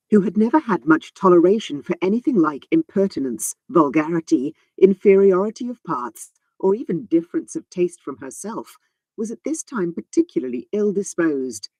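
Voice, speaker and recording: A woman audiobook narrator giving a measured, unhurried reading of a classic novel, phrasing long sentences precisely. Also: fairly low pitch, dark tone, no room sound.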